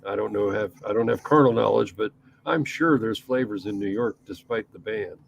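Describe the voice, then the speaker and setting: An East Coast man with a gravelly, low-pitched voice co-hosts a podcast. He rambles in casual chat, restarting his sentences and cursing now and then. Faint noise sits under his voice. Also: normal speed, low-quality recording. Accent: East Coast American. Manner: rambling, with frequent restarts and profanity. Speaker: podcast co-host.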